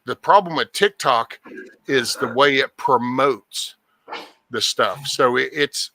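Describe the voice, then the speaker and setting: A man's voice: mid-range voice, slow, bright, forceful tone, low-quality recording. A man hosting a casual podcast chat, talking bluntly and profanely, rambling and restarting his sentences.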